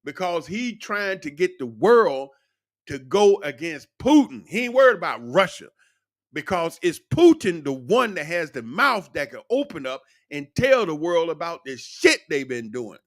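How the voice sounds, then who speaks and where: A man in his sixties delivering a rambling, profane monologue, blunt and animated in bursts. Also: fairly high pitch, normal speed, dry recording, clean studio sound. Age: 60s. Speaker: commentator. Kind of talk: ranting monologue.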